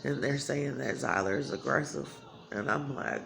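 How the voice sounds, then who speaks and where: A woman's voice: very deep voice, moderate pace, creaky, a bit bright, soft background music. A woman talking candidly to her viewers in a blunt, emotional way, swearing freely. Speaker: vlogger. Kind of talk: candid talk to camera.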